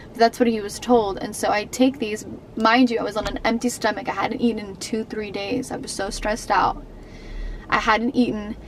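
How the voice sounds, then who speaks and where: A woman's voice: mid-range voice, vocal fry, a little hiss or hum, low-quality recording. A young adult woman vlogging to camera, telling a personal story in an emotional, rambling way with many fillers and restarts.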